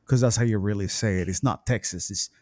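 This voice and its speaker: A man hosting a podcast in casual chat, animated and steering the talk along. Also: on the low side, fast, dry recording, clean studio sound. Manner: animated, directs the show. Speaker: podcast host.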